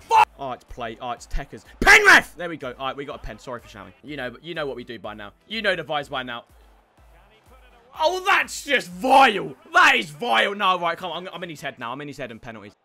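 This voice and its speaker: Excitable gamer shouting at the game. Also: male voice, mid-range voice, very fast, few pauses, faint music behind. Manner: excitable, shouts and groans at the game, talks to viewers as "boys". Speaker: gaming YouTuber. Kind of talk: live gameplay commentary.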